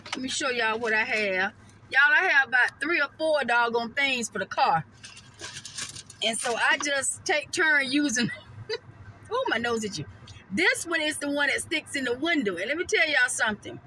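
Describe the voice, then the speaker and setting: High bright-voiced woman chatting. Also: animated, moderate pace, slight background noise, low-quality recording. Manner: chatty, addresses viewers as y'all and honey. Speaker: vlogger. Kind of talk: casual mukbang vlog chat. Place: parked car.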